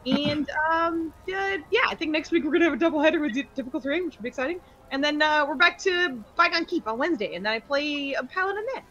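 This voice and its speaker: A woman's voice: high voice, animated, quick pace, few pauses, pushed and bright, highs cut off. A woman chatting bubbly as a player at a tabletop game. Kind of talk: casual chat at a tabletop game.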